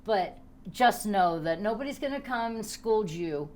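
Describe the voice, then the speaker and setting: Chatty, lively woman podcast host. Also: medium pitch, unhurried. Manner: lively, emphatic storyteller who laughs often. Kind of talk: casual chat.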